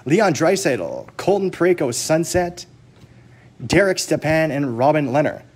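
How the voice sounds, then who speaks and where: A man's voice: fairly high pitch, big pitch swings, measured pace, darkish tone, slightly rough. Chatty man hosting a card break. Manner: chatty, joking, teasing viewers, rattling off card names. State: jittery from too much caffeine. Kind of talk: casual live-stream chat.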